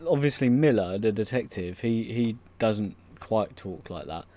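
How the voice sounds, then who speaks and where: A man's voice: on the low side, animated, a little slow, a little mellow. A man in casual chat, recapping scenes hesitantly with lots of fillers and the odd swear word.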